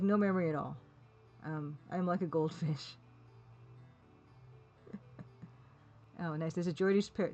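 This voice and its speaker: A woman's voice: fairly low pitch, muffled recording. Chatty woman streamer, rambling. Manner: chatty, rambling, laughs often, reads chat aloud. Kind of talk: casual live-stream chat.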